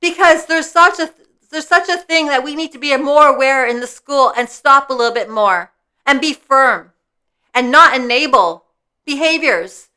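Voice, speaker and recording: Woman, fifties, vlogger; high, bright voice; earnest, repetitive, keeps asking "okay?". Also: moderate pace. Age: 50s. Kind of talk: casual spiritual vlog talk. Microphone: personal mic.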